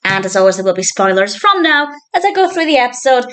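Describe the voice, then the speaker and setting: A woman's voice: on the high side, big pitch swings, fast talker, a bit bright. A woman talking through a TV episode as a reviewer, in an enthusiastic, chatty way and often laughing. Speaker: film and TV reviewer. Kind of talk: casual spoken episode review.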